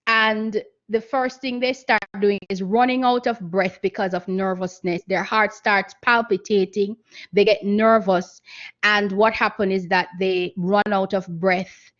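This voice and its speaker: A woman giving an online seminar lecture on speech and voice training, explaining slowly with frequent fillers. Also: mid-range voice, lo-fi sound. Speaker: guest speaker on voice training.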